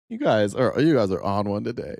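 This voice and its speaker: A man's voice: lowish voice, creaky, darkish tone, dry recording, studio quality. A man hosting a livestream, reacting to a video with rambling, profane, laughing asides. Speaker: streamer host reacting to a video. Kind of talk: casual livestream commentary.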